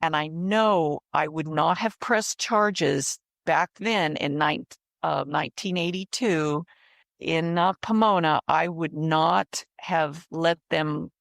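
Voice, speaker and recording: Slow, gravelly older woman telling her story. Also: sits low, dry recording, clean studio sound. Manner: slow, earnest storytelling with repeated phrases. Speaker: interview guest. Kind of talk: personal testimony in interview.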